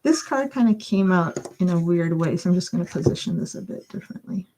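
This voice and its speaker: A woman's voice: lowish voice, expressive, fairly quick, noisy background. A woman doing a chatty live-stream tarot reading, thinking aloud with lots of fillers and giggling now and then. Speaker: tarot reader. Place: home.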